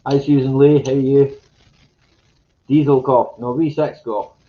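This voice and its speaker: A man hosting a casual live chat, greeting viewers by name in a slow, meandering way and chuckling to himself. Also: medium pitch, fairly even intonation, muffled recording. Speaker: live stream host. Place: home room with green screen.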